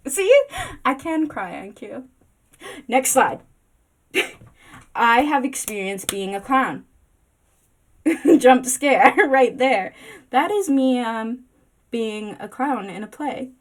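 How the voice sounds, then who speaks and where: A woman with a slightly high voice talks her way through a casual slideshow vlog. She rambles, giggles often and pokes fun at herself. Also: lively intonation, takes it slowly, pauses often. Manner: giggly, rambling and self-deprecating. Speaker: booktok vlogger.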